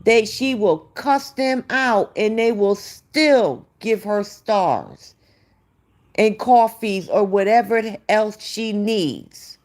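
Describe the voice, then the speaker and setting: This woman's voice is mid-range, animated, and darkish in tone. As a livestream host, she takes her time, gossiping, sharing opinions casually, and talking back to what chat readers write.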